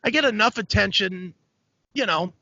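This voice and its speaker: A man hosting a podcast, telling a story in a casual, profane, animated way. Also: high-pitched, moderate pace, dry recording. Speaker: podcast host. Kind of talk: casual chat. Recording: dry, dull lo-fi sound.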